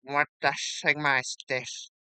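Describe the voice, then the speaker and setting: Excitable gamer man, bright and crisp. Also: medium pitch, slow, no room sound. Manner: excitable, repeats exclamations, bursts of loud shouting. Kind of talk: casual gameplay commentary.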